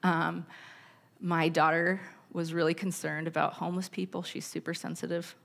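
Woman, middle-aged, church parenting talk, lowish voice, candid storytelling. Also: little pitch movement, normal speed, creaky, fairly bright tone. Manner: candid, anecdotal, with scripture quotes. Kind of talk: sermon-style teaching talk.

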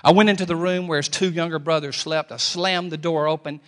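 A middle-aged man preaching a sermon, telling a personal story and swinging from quiet, slow lines to loud ones. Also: fairly high pitch, fairly even intonation. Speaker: pastor.

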